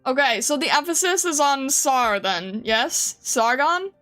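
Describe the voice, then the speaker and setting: A woman's voice: high voice, expressive, unhurried, bright, forceful tone, faint music behind. A woman streamer chatting casually with her viewers, giggling often and reading their comments aloud in a flustered way. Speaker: game streamer.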